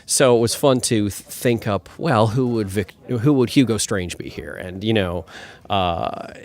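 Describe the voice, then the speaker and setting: A man's voice: lowish voice, measured pace, darkish tone. A man, a screenwriter, answering red carpet questions with enthusiasm, thinking aloud and restarting his sentences.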